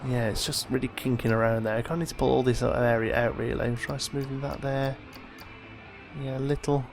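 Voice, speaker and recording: A worn-out man hosts a let's play, thinking aloud in a relaxed, chatty way while he games, yawns creeping into his voice. He speaks briskly in a mid-range voice, with music playing underneath this casual commentary.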